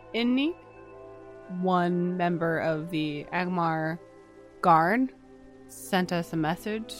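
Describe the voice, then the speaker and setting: A woman playing her character in a tabletop game, speaking politely and earnestly. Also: fairly low pitch. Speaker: player.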